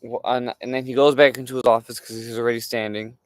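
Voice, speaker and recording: Smooth-voiced young man telling stories. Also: medium pitch, quick pace. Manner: animated, swearing, lots of fillers. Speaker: streamer. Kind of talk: casual storytelling.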